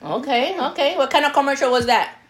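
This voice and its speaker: A woman's voice: high voice, lively intonation, brisk. A woman co-hosting a podcast, asking a guest questions in a chatty, laughing way and now and then dropping in Spanish words. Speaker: podcast co-host. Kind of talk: casual podcast interview.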